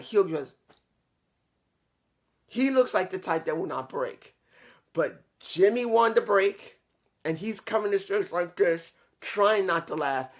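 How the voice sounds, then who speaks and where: This young man's voice runs a little high as he reviews wrestling in a casual, excitable way. He swears freely and acts out quotes while recapping scenes.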